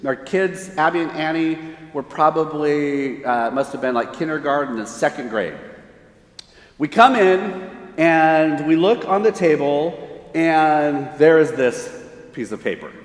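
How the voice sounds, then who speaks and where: A middle-aged man giving a conference talk in a loose, conversational way, slipping into the voices of the people in his stories. His voice sits a little high for a man. The sound is roomy, with a long reverb trailing off in a big hall. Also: unhurried. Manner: conversational, animated storyteller acting out quoted voices. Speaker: pastor and conference speaker. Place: large hall.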